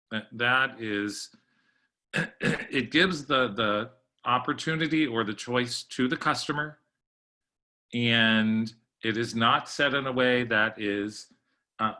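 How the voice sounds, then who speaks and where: A middle-aged man presenting a library staff training webinar, conversational and often clearing his throat. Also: medium pitch, pushed and bright.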